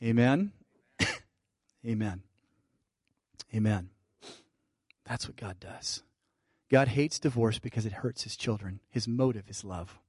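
A male pastor preaching a sermon, shifting between fervent emphasis and soft, intimate asides. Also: medium pitch, normal speed, breathy edge, no echo, studio quality. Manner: preaching with rising fervor, then dropping to soft intimate tones.

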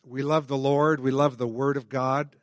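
A pastor welcoming the church and introducing the guest speakers, talking with many pauses and restarts. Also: male voice, mid-range voice, level tone, no room sound, clean studio sound. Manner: halting, many fillers and restarts.

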